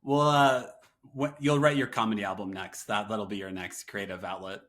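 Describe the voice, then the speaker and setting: A man's voice: fairly low pitch, fairly even intonation, normal speed, fairly bright tone, a little hiss or hum. A man hosting a podcast interview, chatty and jokey, riffing along with his guest. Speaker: podcast host.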